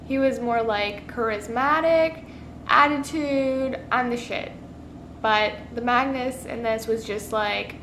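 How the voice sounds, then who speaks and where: A woman's voice: fairly high pitch, a little slow, a bit bright, slight background noise. A woman reviewing a movie in a casual vlog, chatty and full of "like" fillers, acting out her own reactions. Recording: echoey room.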